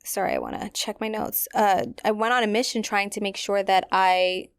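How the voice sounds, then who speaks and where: A woman's voice: medium pitch, fairly even intonation, normal speed, clean tone, dry recording, studio quality. A young woman, hosting a podcast and candidly telling a personal story to her listeners in a casual, chatty way. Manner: candid, conversational, many fillers, addresses listeners directly. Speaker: podcast host.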